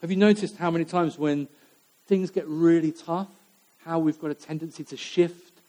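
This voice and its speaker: A man delivers a sermon to his congregation in a loose, conversational way, circling back to repeat key phrases. His voice sits a little high yet sounds mellow and relaxed. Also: moderate pace. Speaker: preacher.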